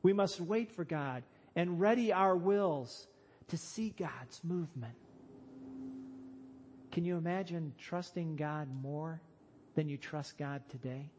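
A pastor with a high male voice delivers a sermon slowly and deliberately. He presses heavily on key phrases and rises into loud calls, sounding earnest and emphatic. There is slight background noise.

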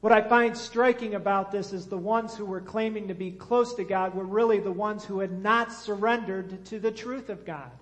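A man's voice: sits high, fairly even intonation, moderate pace, hardly any pauses. A man preaching a sermon and drawing his congregation into call-and-response. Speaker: pastor. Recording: long hall reverb.

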